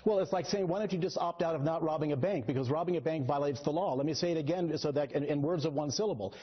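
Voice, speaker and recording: A man arguing as a guest on a TV news show, excitable and sarcastic, talking over the host. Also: a little high, fast, slightly rough. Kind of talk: heated TV debate. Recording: dull lo-fi broadcast audio.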